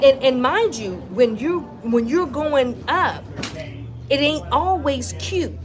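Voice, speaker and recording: A woman's voice: high voice, a little hiss or hum. A woman vlogger chatting casually on a live stream, talking straight to her viewers in an emphatic, conversational way. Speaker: wellness vlogger.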